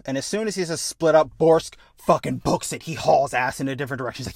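Man, mid pitch, casual podcast co-host pitching a story, animated and profane, dry close sound. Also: fast, few pauses, no echo. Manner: animated, acts out characters with profanity.

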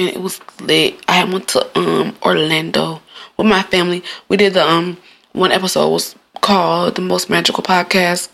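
A young adult woman hosting a casual solo podcast, blunt and animated, with frequent cursing and laughing asides. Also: on the low side, normal speed, creaky. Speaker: podcast host.

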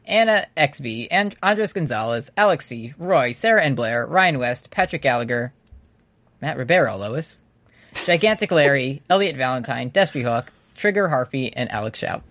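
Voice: medium pitch, lively intonation, moderate pace, a bit bright, no echo. A podcast co-host in a casual outro, joking and laughing often while rattling off long lists of names.

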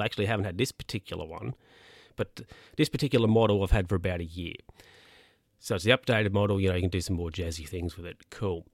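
A man's voice: lowish voice, no room sound, clean studio sound. A man telling stories casually to camera as a vlogger, rambling and chatty. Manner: rambling, chatty, with mock-quoted voices.

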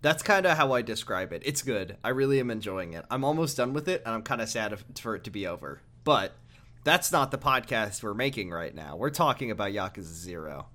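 A man's voice: lowish voice, animated, brisk, pushed and bright. A man co-hosting a casual podcast, joking and laughing often, with plenty of fillers. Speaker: podcast co-host.

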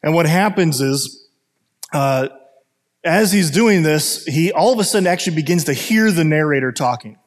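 A man with a slightly higher voice preaching in a loose, conversational way, full of "uh"s and restarts as he tells stories. His voice rings out with a long reverb, as in a church hall. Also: lively intonation, moderate pace. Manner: conversational, storytelling with many fillers. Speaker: pastor. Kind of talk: sermon.

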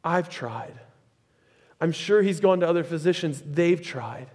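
A male pastor preaching a sermon in a conversational, animated way, with chatty asides. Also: fairly high pitch, a little slow. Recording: echoey hall with long reverb.

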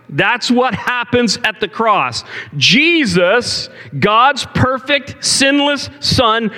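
Animated pastor preaching in a reverberant church. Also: male voice, high voice. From Canada. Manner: conversational preaching, asks the room questions. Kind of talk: sermon. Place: church sanctuary. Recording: long hall reverb.

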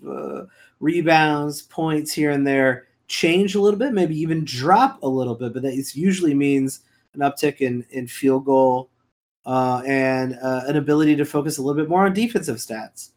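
A man co-hosting a fantasy basketball podcast, talking casually and emphatically, repeating his points with plenty of fillers. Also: a little high. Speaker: podcast co-host.

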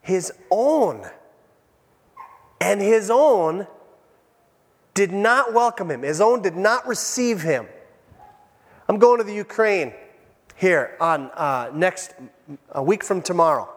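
A pastor with a fairly high voice preaches a sermon. He shifts between soft, hushed lines and raised, dramatic storytelling, and a long church reverb rings out behind every phrase. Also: lively intonation, slow pace, pauses often. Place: church sanctuary.

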